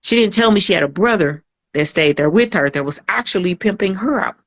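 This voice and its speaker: A woman's voice: mid-range voice, lively intonation, brisk. Podcast guest, a woman, earnest storytelling, acts out the voices in her tale. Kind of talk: personal testimony in a podcast interview.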